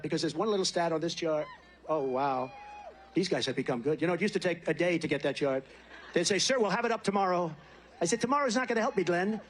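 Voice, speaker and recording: Fast-talking, high-voiced man rallying a crowd. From United States. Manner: rambling, boastful, repetitive. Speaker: political candidate. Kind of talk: campaign rally speech.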